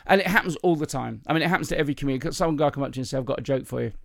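A man who works as a comedian, chatting casually on a podcast and acting out jokes with lively, sing-song voices. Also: on the high side, racing, creaky, no room sound, clean studio sound. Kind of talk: casual chat and joke telling.

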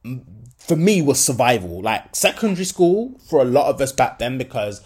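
A man's voice: medium pitch, sing-song, moderate pace, darkish tone, slightly rough. A young adult man, hosting a solo podcast and talking candidly in slangy speech with many fillers. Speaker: podcast host.

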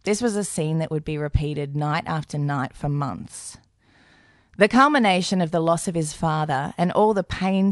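A woman's voice: low voice, no echo. A woman co-hosting a podcast, narrating a true-crime story in a dry, matter-of-fact way. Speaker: podcast co-host.

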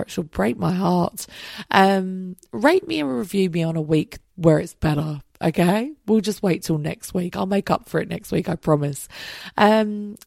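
A woman's voice: mid-range voice, creaky, darkish tone, no room sound, clean studio sound. A young woman hosting a solo podcast late at night, chatty and candid, swearing freely, her voice tired and worn out. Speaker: podcast host. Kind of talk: casual solo podcast monologue.

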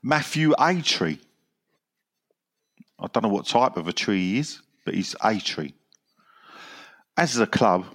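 A man hosting a casual football podcast, reading out listener messages in a dry, wry way and laughing at his own jokes. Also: sits low.

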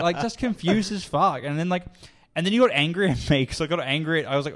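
A man's voice: on the high side, rapid-fire, a bit bright. A man, co-hosting a casual podcast and telling a crude story, swearing and laughing as he goes. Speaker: podcast co-host.

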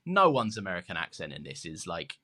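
Man, podcast co-host, casual chat, animated delivery, bright voice, laughs easily. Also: low-pitched, brisk.

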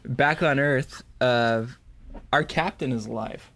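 A man's voice: mid-range voice, gravelly, fairly bright tone. A man co-hosting a fan podcast, recapping an episode in a rambling, joking way. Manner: rambling, crude jokes, halting restarts. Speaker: podcast co-host. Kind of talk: casual chat, episode recap.

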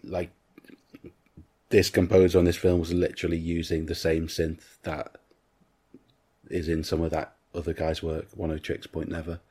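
A man with a very deep voice that barely rises or falls talks casually about a film he has watched. He retells scenes in detail and slips into quoting what the characters say. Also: monotone, normal speed, long pauses, warm tone, breathy edge. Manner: recounts scenes at length, acting out lines. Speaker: podcast co-host.

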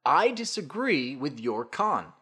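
Joking male podcast co-host with a lively, bright voice who swears freely. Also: fairly high pitch, slow, slightly rough. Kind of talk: casual chat. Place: apartment.

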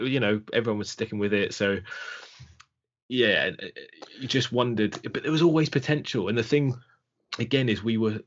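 A man co-hosting a casual football podcast, talking hesitantly with many restarts and fillers. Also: lowish voice. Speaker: podcast co-host. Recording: dull lo-fi sound.

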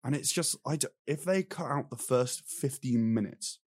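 A man's voice: medium pitch, moderate pace, darkish tone, no room sound. Young guy ranting thru his film notes, annoyed, mocking voices, dry close sound. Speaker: film review podcast co-host. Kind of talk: casual chat.

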